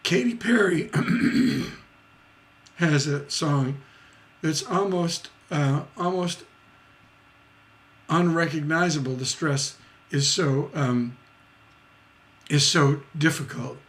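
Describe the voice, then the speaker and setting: Slow, gravelly man teaching songwriting. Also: on the high side, fairly bright tone. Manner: chatty, rambling, many fillers and tag questions. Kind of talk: live-streamed songwriting lesson.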